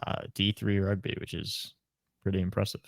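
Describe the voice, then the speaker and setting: A man's voice: low voice, little pitch movement, moderate pace, vocal fry, no room sound, studio quality. A young man co-hosting a casual sports podcast, joking in a laid-back, mumbly way. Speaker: podcast co-host.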